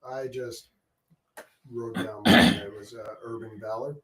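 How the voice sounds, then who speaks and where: A man's voice: medium pitch, fairly even intonation, unhurried, a bit bright. A man co-hosting a podcast in casual chat, laid-back and plain-spoken. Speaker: podcast co-host. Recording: distant from the mic.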